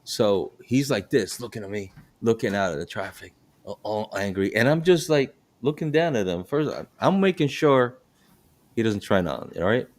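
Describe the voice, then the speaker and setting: Low-voiced bus driver telling stories. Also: male voice, normal speed. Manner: animated storytelling with frequent restarts. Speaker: podcast host and bus operator. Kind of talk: casual podcast chat.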